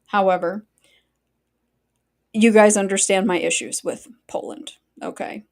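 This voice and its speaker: Speaking at an unhurried pace in a steady, medium-pitched voice, a woman runs a live stream. Her talk with viewers is casual, blunt, and full of swearing, and she often wanders off into asides padded with fillers while addressing chat directly.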